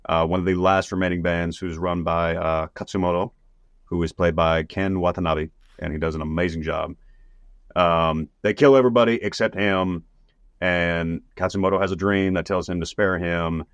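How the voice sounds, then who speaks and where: A man's voice: sits low, steady tone, normal speed, no room sound. A man hosting a podcast, retelling a film plot in a rambling, profane, casual way. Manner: rambling and profane, lots of fillers. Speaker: podcast host.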